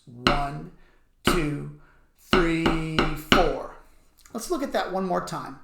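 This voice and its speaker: A man teaching music rhythm, explaining patiently and counting beats out loud. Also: a little high, vocal fry. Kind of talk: instructional explanation with counting aloud. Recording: echoey room.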